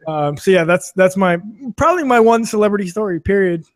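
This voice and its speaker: High-voiced man telling wry stories. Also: animated, fairly quick. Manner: wry anecdotal storyteller. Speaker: podcast guest. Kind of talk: casual chat.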